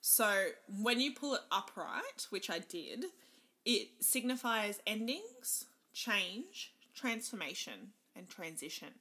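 Female podcast co-host with a bright, lively voice; giggly, chatty storyteller. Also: medium pitch, takes it slowly. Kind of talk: casual chat.

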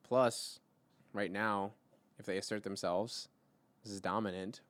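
A man playing a tabletop role-playing game, chatting casually and reasoning out loud. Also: fairly low pitch, fairly even intonation, a little slow, no echo. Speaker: player.

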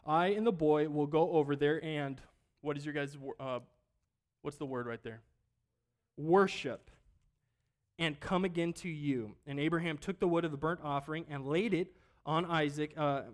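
A man preaching a sermon in a church, talking casually, asking the congregation questions and swinging between loud bursts and quiet asides. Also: fairly high pitch. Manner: conversational, asks the congregation questions. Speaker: pastor.

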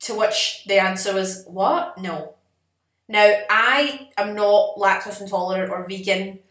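A young woman co-hosting a podcast, telling a story in a sassy, animated, self-mocking way. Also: mid-range voice, a little slow. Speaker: podcast co-host. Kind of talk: casual storytelling chat. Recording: echoey room.

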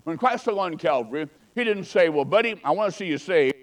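A man preaching a sermon as an evangelist, fervently swinging between loud exhortation and hushed storytelling. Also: fairly high pitch, animated, brisk, rough recording.

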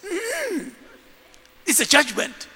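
A man preaches a sermon in a very high, bright voice, acting out the stories he tells. His pitch leaps and falls all the time. A long reverb from the hall hangs behind him. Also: very slow. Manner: animated storytelling, acting out scenes. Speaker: bishop and preacher.

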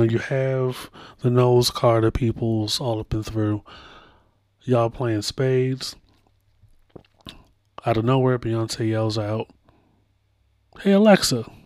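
A man hosting a casual pop culture podcast, telling stories with lively asides and playful voiced impressions. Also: medium pitch, dry recording, studio quality. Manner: animated storytelling with playful impressions. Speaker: podcast host.

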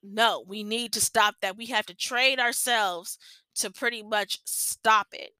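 A woman's voice: on the high side, fairly even intonation, a little slow, bright, forceful tone, smooth, dry recording. A young adult woman hosting a faith-based podcast, talking earnestly in a rambling way with many restarts. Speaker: podcast host.

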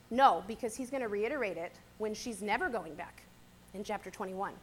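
A woman with a notably high voice gives a casual Bible teaching talk. She speaks conversationally, tossing in "kinda" and "right?" as she retells the story. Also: big pitch swings, a little fast. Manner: chatty, conversational, often adds "right?" and "kinda".

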